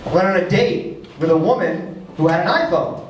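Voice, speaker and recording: Animated New stand-up comic. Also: male voice, high-pitched, slight background noise. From New York. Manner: animated, acts out characters with quick shifts of voice. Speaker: stand-up comedian. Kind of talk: stand-up comedy set. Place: comedy club stage with live audience. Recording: echoey live club recording from a distance, crowd audible.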